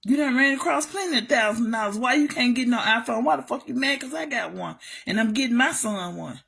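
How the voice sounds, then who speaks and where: A woman rants to her audience about relatives who wronged her, cursing hard and hammering the same points again and again. Her voice sits high and has a husky, breathy grain. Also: animated, fairly quick, a bit bright. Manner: profane, ranting, repeats herself, addresses viewers as y'all. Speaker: vlogger telling a family story. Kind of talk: angry storytime rant.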